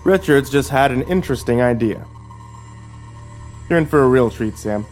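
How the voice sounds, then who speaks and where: A man puts on a villainous sheriff for a horror story, his voice pitched well above his own and pushed out louder. The sheriff drawls and sneers, mocking with cold cruelty. Soft music plays beneath. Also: animated, normal speed, natural voice. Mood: menacing.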